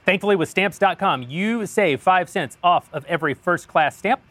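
High-voiced and a bit bright, a political podcast host speaks at normal speed with no room sound. He reads a sponsor spot wryly, joking around and chuckling frequently in a casual, bantering way.

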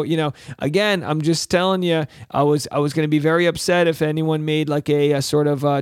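A chatty man hosting a casual recap, his voice sitting a bit high for a man. He rambles along and slips into put-on voices for quotes. The sound is dry and close to the mic, with no room around it. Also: clear, resonant tone, no echo. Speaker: host. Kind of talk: casual reality-TV recap monologue.

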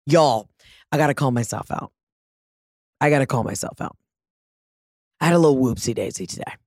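A woman hosting a podcast, telling a story in a casual, animated and profane way, mocking herself, on a close studio mic. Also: a bass voice, moderate pace, husky, no echo. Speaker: podcast host.

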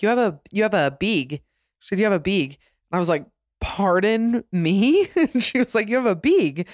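A woman's voice: low voice, dry recording, studio quality. A woman in her thirties with a Utah accent, hosting a solo podcast in a chatty, giggly, self-deprecating way. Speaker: podcast host. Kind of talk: casual solo podcast chat.

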